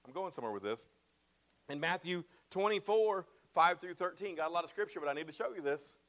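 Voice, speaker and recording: Male preacher, higher voice, emphatic sermon delivery, repeats lines and checks in with the congregation. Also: lively intonation, a little fast, fairly bright tone. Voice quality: bald-headed preacher, self-described. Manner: emphatic, repeats phrases and asks "right?" and "amen?".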